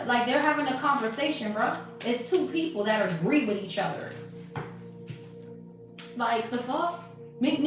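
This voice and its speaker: A woman's voice: on the high side, very echoey, recorded from a distance. A woman giving blunt, profane spiritual commentary as a tarot reader, acting out quoted conversations. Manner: blunt, profane, preachy, acts out quoted exchanges.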